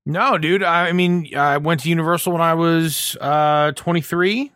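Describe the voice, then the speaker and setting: Male co-host in his thirties, blunt sarcastic griper, a bit high-pitched, dry mic. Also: steady tone, a little slow, fairly bright tone, dry recording. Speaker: podcast co-host. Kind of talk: casual tech podcast chat.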